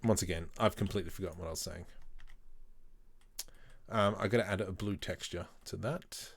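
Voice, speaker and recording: A man's voice: low voice, a little fast, vocal fry, breathy edge. A man in his thirties, casually rambling to viewers while working through a 3D modeling livestream. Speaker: 3D artist streaming.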